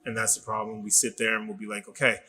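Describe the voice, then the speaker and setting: A man's voice: lowish voice, quick pace, husky. A middle-aged man, a personal trainer, telling stories in casual podcast chat, acting out quoted voices and swearing freely. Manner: animated storyteller who acts out quoted voices and swears freely.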